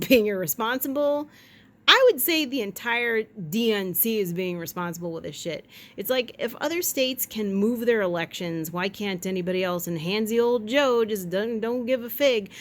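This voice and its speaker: Jokey rambling woman vlogger. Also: medium pitch. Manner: rambling, jokey, quick asides, does silly voices. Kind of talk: casual chat. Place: at home.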